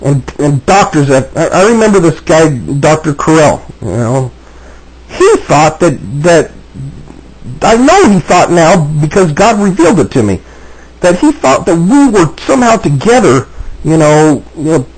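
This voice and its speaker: A man rants agitatedly to the camera in a personal video, repeating himself and starting over again and again. His voice sits on the high side, very animated yet unhurried, with a slightly mellow quality. The audio is poor.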